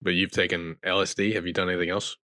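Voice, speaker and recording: A man's voice: deep voice, flat delivery, fast talker, bright, forceful tone, dry recording, studio quality. A man chatting on a podcast, giving brief, skeptical replies and questions. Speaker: podcast co-host. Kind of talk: casual chat.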